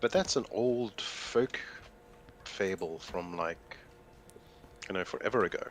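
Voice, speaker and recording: A man's voice: low voice, measured pace, a little hiss or hum, poor audio. A man making dry, wry remarks in casual chat with friends.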